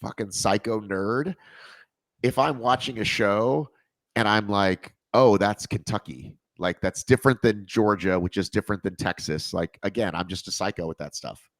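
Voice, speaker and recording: A man from Boston hosting a podcast, chatting in an excitable, self-mocking way with casual swearing. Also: lowish voice, normal speed, no echo. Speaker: podcast host. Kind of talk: casual chat.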